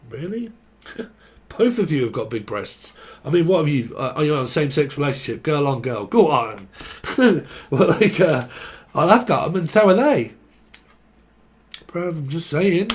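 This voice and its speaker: A man's voice: fairly high pitch, very animated, moderate pace. Joking, profane man reading tarot. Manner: joking, rambling and swearing freely. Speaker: tarot reader.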